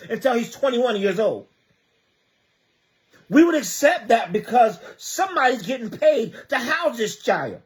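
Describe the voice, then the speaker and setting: A man giving an impassioned livestream monologue, firing rhetorical questions, repeating himself and stammering as he reads viewer comments. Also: extremely high pitch. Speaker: livestreamer speaking on community youth programs.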